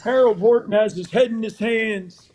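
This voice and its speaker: There's a little hiss or hum behind this older man's high-pitched voice, which moves at normal speed. A former football coach and show guest, he spins casual anecdotes and animatedly acts out the scenes.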